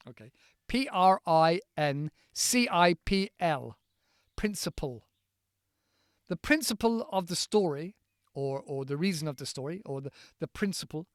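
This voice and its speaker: A man from the United Kingdom, teaching in a chatty, playful podcast lesson and slowly spelling words out letter by letter. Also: fairly high pitch, animated, no echo, clean studio sound.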